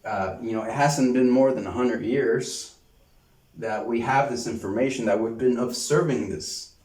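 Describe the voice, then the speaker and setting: A man giving an online lecture, halting often and repeating words as he gropes for the phrase. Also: medium pitch, a little mellow. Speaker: course lecturer. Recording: roomy sound from a distance.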